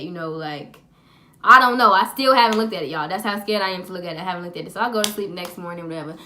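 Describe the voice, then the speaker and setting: Bright-voiced young woman telling a story. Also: on the low side, fast. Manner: chatty, profane, dramatic retelling. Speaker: vlogger. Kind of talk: casual storytelling to camera.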